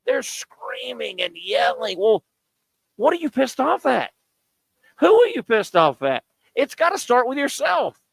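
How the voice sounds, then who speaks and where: A man's voice: very high-pitched, wildly swooping pitch, a little slow, vocal fry, husky, no room sound. A man hosting a sports talk show, ranting combatively with pointed rhetorical questions, broadcasting from a bar and grill. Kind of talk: sports talk radio rant.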